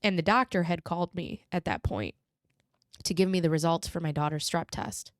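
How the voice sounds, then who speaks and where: Low, smooth-voiced woman telling a story. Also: animated, moderate pace, darkish tone, no room sound, studio quality. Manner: earnest, emotional retelling. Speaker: podcast host. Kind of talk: personal storytelling.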